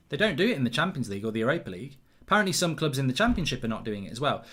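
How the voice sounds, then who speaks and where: Bright, excitable football host. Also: male voice, fairly high pitch. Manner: chatty, excitable, rambling, reads out viewer comments. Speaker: host of a live football watchalong. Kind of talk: live football watchalong commentary.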